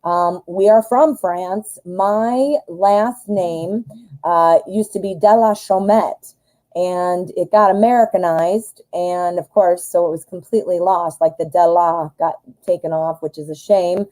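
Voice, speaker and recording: This married adult woman from the US runs a tarot reading live stream, speaking a bit slowly in a fairly low, dark-toned voice. Her talk meanders with plenty of fillers, drifting off-topic and full of self-deprecating jokes, all on a poor-quality recording.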